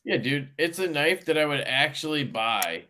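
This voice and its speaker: A man's voice: a little high, very animated, moderate pace, background noise. A man hosting a casual podcast chat, rambling through stories in a loose way with plenty of swearing. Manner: loose, profane, rambling storytelling. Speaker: podcast host.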